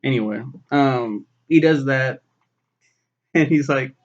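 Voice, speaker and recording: A man's voice: medium pitch, slow. A man casually reviewing a film in a rambling, profane way, full of fillers and restarts. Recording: dull lo-fi recording.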